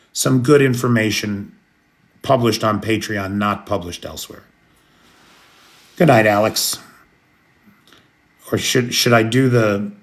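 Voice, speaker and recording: An American man hosting a late-night livestream, chatting casually and greeting viewers by name. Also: mid-range voice. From United States. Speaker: livestream host. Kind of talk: casual live chat, answering viewers.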